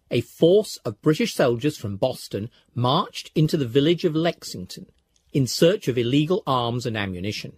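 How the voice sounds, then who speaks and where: A man giving scripted documentary narration in a measured, storytelling way. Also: medium pitch, breathy edge, dry recording.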